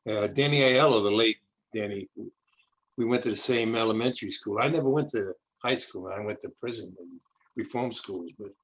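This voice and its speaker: This host, an older South Bronx, New York man, chats through a casual video-call interview in a meandering way, often repeating himself and starting sentences over. He speaks at a normal speed with a fairly low pitch, and the audio quality is poor.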